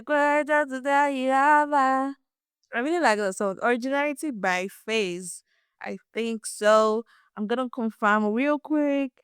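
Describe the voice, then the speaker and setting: Chatty Nigerian woman with a smooth voice. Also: medium pitch, no room sound, studio quality. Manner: chatty and animated, laughs often, repeats words. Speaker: podcast host. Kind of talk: casual solo podcast chat.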